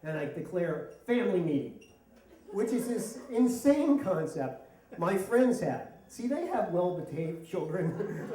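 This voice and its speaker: A middle-aged man tells a funny story on stage, his pitch leaping all over and his tone warm and mellow. He mocks himself as he goes. The hall rings with a heavy echo, and he sounds far from the mic. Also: measured pace. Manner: animated, self-mocking, laughing through lines. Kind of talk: live comic storytelling.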